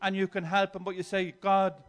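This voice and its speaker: A man preaching with a notably high voice. He moves between soft, reflective stretches and forceful, emphatic declarations, often restarting and repeating words as he builds a point. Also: completely flat delivery, normal speed. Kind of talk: sermon.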